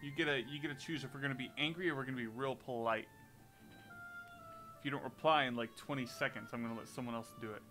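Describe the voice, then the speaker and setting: A man's voice: medium pitch, fairly even intonation, fast, bright, forceful tone, soft background music, rough recording. A man in casual live-stream commentary while playing a game, chatting and joking with viewers.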